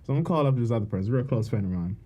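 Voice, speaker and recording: A woman's voice: extremely low pitch, racing, muffled recording. A woman co-hosting a podcast, telling stories in casual chat and acting out the voices of people she quotes. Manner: animated storyteller, acts out quoted voices. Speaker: podcast co-host. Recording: podcast booth.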